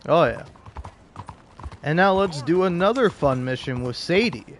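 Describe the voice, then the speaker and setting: A man's voice: fairly high pitch, expressive, a little slow, a little hiss or hum. A man giving casual let's-play commentary, joking and laughing often. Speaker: gaming video host.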